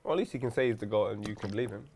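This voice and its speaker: A man co-hosting a chat show, trading playful, quick banter. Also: on the low side, darkish tone. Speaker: co-host. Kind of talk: casual chat.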